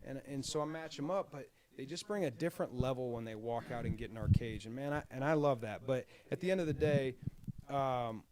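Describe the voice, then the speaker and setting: A man in the middle of the pitch range hosts a casual fight podcast. He rambles, restarts words and leans on stock phrases. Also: brisk, noisy background. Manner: rambling, repeats words and "at the end of the day". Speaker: fight promoter, podcast host.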